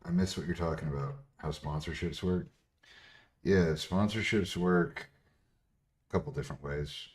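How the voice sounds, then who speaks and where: Pria bersuara sangat rendah, bicara kasar. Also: male voice, low voice, normal speed, long pauses. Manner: profane, blunt, laughs often. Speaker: streamer answering chat questions. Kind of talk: casual livestream chat.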